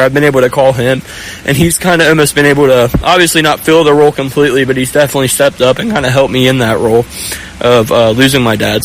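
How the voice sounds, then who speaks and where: This is a young man in his twenties, a college quarterback giving an interview. He talks earnestly and haltingly, stopping and restarting mid-thought. A faint hum of traffic and outdoor ambience sits behind his mid-pitched voice. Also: a bit bright, poor audio. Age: young adult. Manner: earnest, halting, searching for words. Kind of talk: postgame sideline interview.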